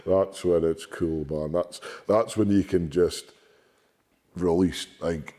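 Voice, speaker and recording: A man, a strongman guest, telling stories candidly in an interview, sweary and animated, often repeating words. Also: low-pitched, takes it slowly.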